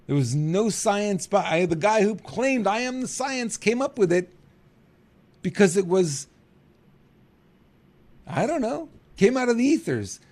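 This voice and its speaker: Middle-aged guy hosting a podcast, kinda high voice, jumps around acting out quotes, chuckles a lot. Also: a little slow, pauses often. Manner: animated, acts out quotes with big pitch jumps, chuckles. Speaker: podcast host and coach. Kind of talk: casual monologue.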